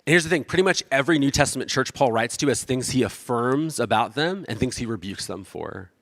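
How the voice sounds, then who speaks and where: A man's voice: medium pitch, expressive, fairly quick, a bit bright, in a large hall. A man giving a casual, conversational sermon as pastor, self-deprecating and acting out the voices of the people he quotes.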